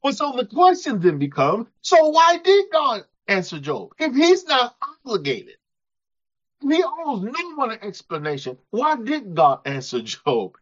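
A preacher man delivering an animated sermon, his pitch swinging up and down as he acts out voices. The recording sounds dull and lo-fi. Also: measured pace. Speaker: pastor.

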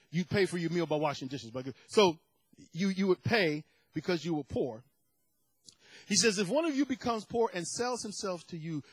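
A man preaching a sermon, swinging from quiet storytelling to fervent shouted passages. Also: fairly high pitch, husky, no room sound, low-quality recording.

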